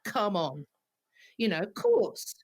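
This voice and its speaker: Woman guest, storyteller, lively pitch, dry close sound. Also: slow pace, no room sound. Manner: lively, animated anecdotes with acted-out quotes. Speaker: guest singer. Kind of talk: storytelling interview.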